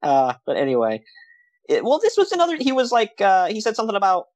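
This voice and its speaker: Recorded without room sound, a high-pitched man co-hosts a podcast and casually talks through old wrestling shows. He's animated, full of sarcastic comments and quick laughs.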